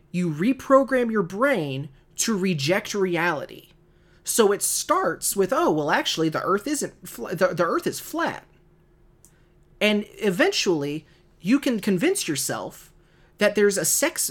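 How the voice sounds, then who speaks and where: A man's voice: high voice, a bit bright. A man co-hosting a podcast, ranting hotly and swearing freely in casual chat. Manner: heated, profane ranting. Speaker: podcast co-host.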